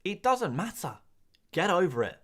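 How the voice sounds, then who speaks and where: Young english guy rambling to his stream chat, kinda high voice, bouncing all over the place. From England. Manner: animated, rambling, quick asides with laughs. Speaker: streamer answering live chat. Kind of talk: casual live-stream chat.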